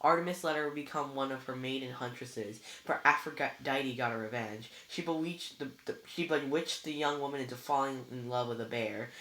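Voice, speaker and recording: A reader voicing a scornful young male villain who talks smoothly and taunts, in a read-aloud book. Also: mid-range voice, normal speed, few pauses, fairly bright tone, close to an everyday voice. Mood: taunting. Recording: roomy echo.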